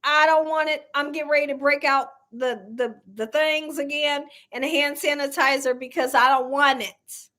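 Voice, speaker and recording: A woman's voice: sits high, steady tone, moderate pace, few pauses, sharp tone. A woman hosting a casual cooking livestream, chatty and laughing often as she reads viewer comments aloud. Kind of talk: casual live chat reading viewer comments.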